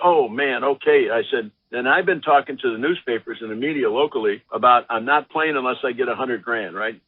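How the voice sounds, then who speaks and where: An older former ballplayer telling lively anecdotes in an interview, acting out the voices of the people he quotes. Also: mid-range voice, no echo. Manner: animated anecdotes, acts out quotes. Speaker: former baseball pitcher, guest. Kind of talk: storytelling interview. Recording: dry, phone-like line.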